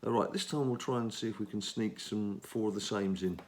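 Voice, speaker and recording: A man's voice: lowish voice, brisk, darkish tone. Chatty English man narrating gameplay. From England. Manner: chatty, rambling, talks to himself while playing. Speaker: gaming channel host. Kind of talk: casual mobile game commentary.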